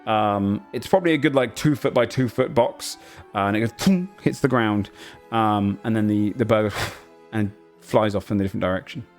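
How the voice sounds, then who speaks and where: A man's voice: fairly low pitch, moderate pace, faint music behind. A man running a tabletop game as game master, narrating casually with lots of fillers.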